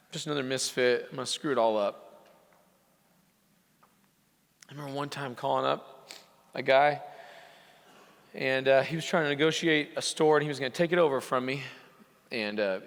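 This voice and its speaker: Brief: male motivational speaker, bright and forceful, live conference hall with long reverb. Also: mid-range voice, normal speed, pauses often. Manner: impassioned, rising into emphatic peaks. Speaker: coach speaking to repair shop owners. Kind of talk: motivational speech to a live audience.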